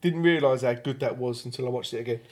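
Chatty southern English co-host. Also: male voice, mid-range voice, fast. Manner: chatty, agreeable, lots of yeahs. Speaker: podcast co-host. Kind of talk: casual chat.

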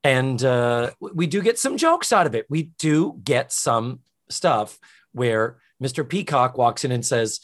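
Brief: man co-host, mid-pitched, recounts scenes with quoted lines. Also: measured pace. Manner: animated retelling with quoted lines. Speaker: podcast co-host. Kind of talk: casual chat.

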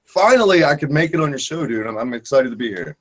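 Rapid-fire, swearing podcaster man. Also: on the high side, animated, noisy background. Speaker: podcast guest and host of his own podcasts. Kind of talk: casual podcast chat.

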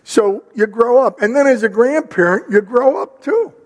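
An older man preaching a sermon, telling a family story in an animated, conversational way. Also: very high-pitched, moderate pace, long reverb tail. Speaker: pastor.

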